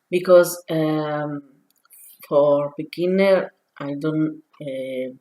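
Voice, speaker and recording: A native Italian woman with a clear Italian accent runs an online lesson for beginners. Her voice sits low, and she speaks slowly. She pronounces each word with care so listeners can repeat it. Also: a little mellow, low-quality recording. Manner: slow, careful, pronounces words for repetition. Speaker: Italian teacher. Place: home, sharing a whiteboard on screen.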